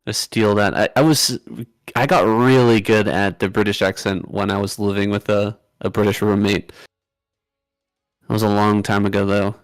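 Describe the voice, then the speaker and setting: A man's voice: lowish voice, little pitch movement, moderate pace, smooth, no room sound. A man casting games, chatting in an easygoing, self-mocking way. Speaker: game caster. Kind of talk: casual chat during a stream.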